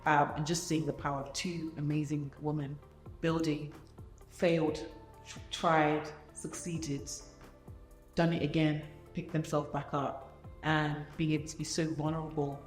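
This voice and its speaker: A woman's voice: low-pitched, flat delivery, a little slow, echoey room, faint music behind. A woman hosting an interview, affirming her guest with frequent "mm-hmm"s and speaking with fillers and restarts. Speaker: interviewer and event host. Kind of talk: warm conversational interview.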